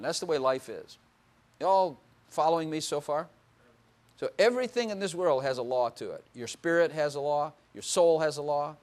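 An older man preaching to a congregation in a church. He keeps it conversational and playful, laughing often and asking the listeners questions. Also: on the high side. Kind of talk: sermon.

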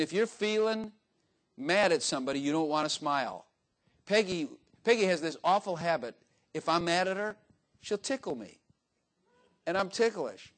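Folksy, joking older male preacher. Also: high voice. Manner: folksy, joking preacher acting out little dialogues with shifting voices. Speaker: pastor. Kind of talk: sermon.

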